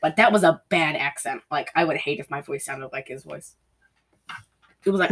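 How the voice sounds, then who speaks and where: A woman's voice: low-pitched, moderate pace, a bit bright, poor audio. A woman co-hosting a podcast, chatting casually and rambling as she acts out bits of movie scenes. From Polish heritage. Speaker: podcast co-host. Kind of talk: casual chat.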